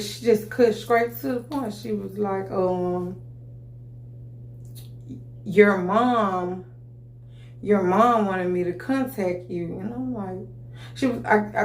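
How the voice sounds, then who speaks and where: A woman telling a personal story to camera in a loose, animated way, full of restarts and asides. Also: mid-range voice. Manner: animated, full of restarts and "you know what I'm saying". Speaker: vlogger telling her story. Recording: echoey room.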